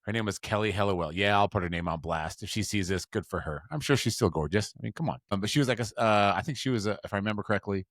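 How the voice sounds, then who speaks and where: A man in his forties from Utah, a podcast co-host telling a story in a casual, self-mocking way and jumping to higher voices for quotes. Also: very fast, hardly any pauses, fairly bright tone, dry recording, clean studio sound.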